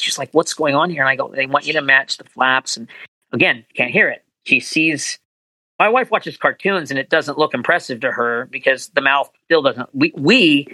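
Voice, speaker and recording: A man being interviewed as a voice actor, telling animated anecdotes and acting out quotes in higher voices. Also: dry recording, low-quality recording. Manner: animated storyteller, acts out quotes in high voices. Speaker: voice actor guest.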